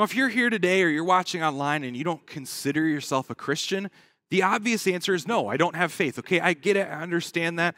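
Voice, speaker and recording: Bright, high-voiced male preacher. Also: no echo, studio quality. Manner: dramatic, acts out quoted pleas with rising intensity. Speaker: pastor. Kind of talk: sermon.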